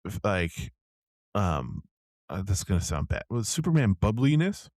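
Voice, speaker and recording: A man's voice: on the low side, very animated, moderate pace, darkish tone, dry recording. A man co-hosting a podcast, chatting casually and hesitantly, circling back on himself mid-thought. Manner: hesitant, many fillers and restarts. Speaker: podcast co-host. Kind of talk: casual chat.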